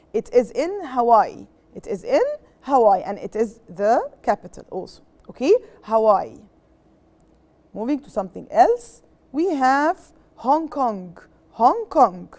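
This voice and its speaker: A young woman with an Egyptian accent gives a children's English lesson, patiently repeating each word and checking in with the class. Her voice is fairly high, with a mellow, soft tone. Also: very animated, a little slow. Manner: switches between English and Arabic explanations. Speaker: English teacher.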